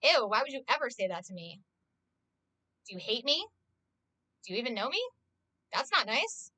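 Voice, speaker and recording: A woman's voice: on the high side, very animated, normal speed, pauses often, sharp tone, dry recording. A woman streamer in casual live-stream chat, talking freely to her viewers, swearing often and filling her talk with "like". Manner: chatty, swears often, heavy use of "like".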